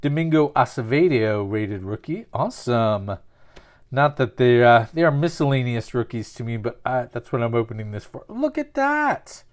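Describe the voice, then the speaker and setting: A man's voice: medium pitch, moderate pace. A man casually talking through a card opening, rambling and joking at his own expense. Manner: rambling, jokey, self-mocking. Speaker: sports card collector opening packs. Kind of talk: casual pack-opening commentary with absurd storytelling.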